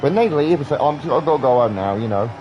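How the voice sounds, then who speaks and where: A man's voice: mid-range voice, animated, rapid-fire, dull audio, slight background noise. A British man in his thirties rambling earnestly in a casual live-stream chat, swearing often. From Britain.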